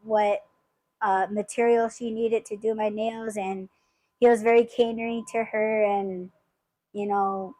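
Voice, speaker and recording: A woman's voice: mid-range voice, little pitch movement, measured pace, warm tone, dry recording, rough recording. A woman hosting a podcast, telling a story in casual chat, swearing freely and rambling with lots of fillers. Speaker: podcast host.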